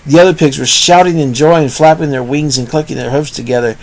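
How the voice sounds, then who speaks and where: A man's voice: a little high, steady tone, quick pace, few pauses, rough recording. A man improvising a rambling storybook tale, with puns and asides. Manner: rambling, punning, self-interrupting.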